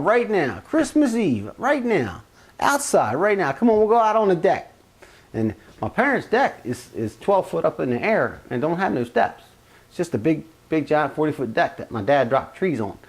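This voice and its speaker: A man telling a personal family story in a casual, rambling way, acting out the quotes as he goes. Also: high-pitched. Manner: animated, rambling, acts out quotes.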